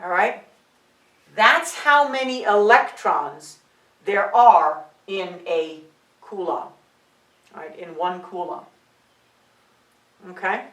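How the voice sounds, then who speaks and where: A woman teaching high school physics who often checks in with "all right" and "okay" and counts digits aloud. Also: takes it slowly, pauses often, fairly bright tone. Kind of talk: classroom lecture at a board. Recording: roomy sound, mic set at a distance.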